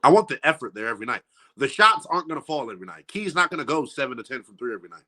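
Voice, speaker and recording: A man's voice: mid-range voice, big pitch swings, rapid-fire, pushed and bright. A man appearing as a guest analyst on a sports podcast, talking in a casual, slangy and emphatic way from a studio.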